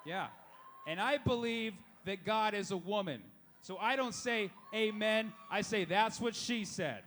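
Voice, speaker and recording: A young male comedian works a live comedy show, rattling off punchlines and slipping into little voices for the characters in his bits. His voice is high and a bit bright, with a slight hiss or hum on the recording.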